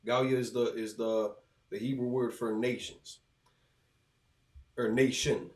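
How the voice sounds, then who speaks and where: A man giving a halting, casual explanation in a class, with many restarts and fillers. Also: mid-range voice, flat delivery, a little mellow. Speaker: student teaching in a class. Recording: roomy, from a distance.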